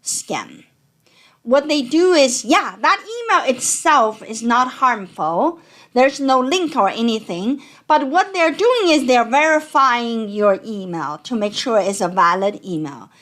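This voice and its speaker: A woman accountant with a non-native accent, giving a conversational, animated talk to explain tax scams. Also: a little high. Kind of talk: educational talk.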